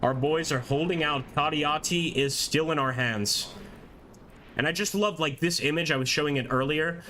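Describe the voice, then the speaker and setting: Bright-voiced man streaming a war game. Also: on the high side, moderate pace, slight background noise. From American. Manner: excited, chatty, laughs often, reads chat aloud. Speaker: gameplay streamer. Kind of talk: live-streamed game commentary.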